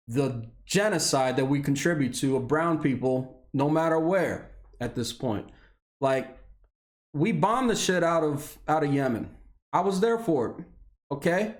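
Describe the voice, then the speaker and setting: This is an unscripted, profane rant from a thirty-something video blogger, an Indiana military veteran. It's personal, and his mood swings between fiery anger and low, weary tones.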